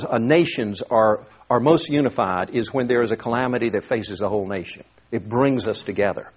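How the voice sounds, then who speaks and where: Male pastor, casual sermon delivery with restarts, slightly husky voice, dull lo-fi recording. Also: medium pitch. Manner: conversational, repeats words while thinking. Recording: dull lo-fi sound.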